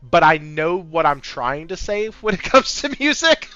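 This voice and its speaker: A man hosting a casual gaming podcast, talking in an amped-up, high-energy way and swearing freely. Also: sing-song, a little slow, sharp tone, smooth. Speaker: podcast host. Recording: slightly muffled audio with faint background music.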